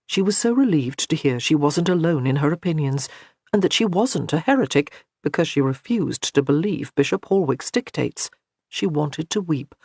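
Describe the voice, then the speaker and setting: Expressive male audiobook narrator. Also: fairly high pitch, moderate pace, creaky, slightly rough, dry recording, studio quality.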